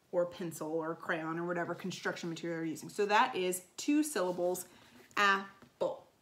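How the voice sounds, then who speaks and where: Upbeat woman music teacher explaining. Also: medium pitch. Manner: upbeat teacherly explaining with frequent ums and okays. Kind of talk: recorded classroom lesson for children.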